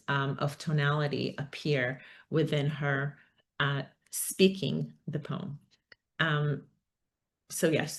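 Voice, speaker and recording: A woman giving an academic talk, thoughtful and hesitant, with many fillers. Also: low-pitched. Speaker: academic speaker. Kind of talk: conference talk.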